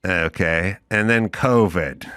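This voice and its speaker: A man's voice: sits low, slow pace, pushed and bright, clean tone. A male podcast host ranting sarcastically and with profanity in a comedic talk show.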